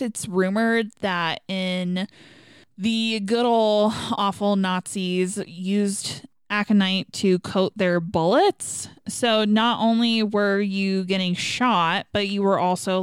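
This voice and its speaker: A woman's voice: medium pitch, clear, resonant tone, dry recording, studio quality. A woman co-hosting a podcast in casual chat, talking in a loose, filler-heavy way and swearing casually. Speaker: podcast co-host.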